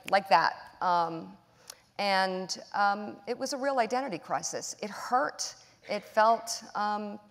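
A middle-aged woman, a guest author, telling a personal story on stage in candid, animated conversation. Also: lowish voice, creaky. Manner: candid, emotional, animated retelling with acted-out dialogue. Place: large auditorium stage. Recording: long hall reverb.

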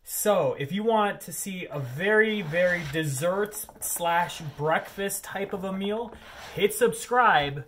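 A man's voice: high voice, animated, slow pace, a bit bright, a little hiss or hum. A man hosting his cooking vlog, chatty and goofy, rambling as he cooks. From Lower Peninsula of Michigan. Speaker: cooking channel host.

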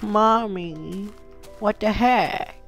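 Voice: medium pitch, extremely slow, fairly bright tone, faint music behind. A gamer voicing a whiny, sulky child monster in a raised, pouting voice. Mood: whining.

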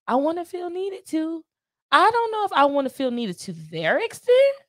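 A woman in her late twenties in casual podcast chat, animated and talkative, often asking "you know what I mean.". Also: extremely high pitch, normal speed, dry recording, studio quality. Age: 20s. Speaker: podcast guest.

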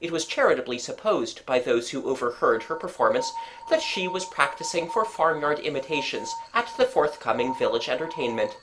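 A woman narrating a story with a low, lively voice that rises and falls a lot. She reads in an expressive, measured way, with faint music underneath. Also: poor audio. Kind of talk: storytelling reading.

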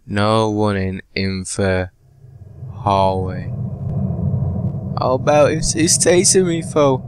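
A man talks his way slowly through a horror game, nervous and muttering, and swears when something startles him. His voice sits fairly low and sounds strained. A faint hiss lies under the desktop mic. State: sweating, voice strained. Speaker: gaming commentator. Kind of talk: casual horror game commentary.

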